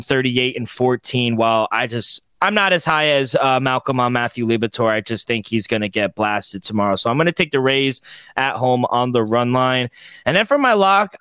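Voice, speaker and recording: A man's voice: mid-range voice, fairly bright tone, smooth, no echo. A man co-hosting a sports betting podcast, confidently and matter-of-factly running through his picks and stats. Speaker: podcast co-host, betting analyst.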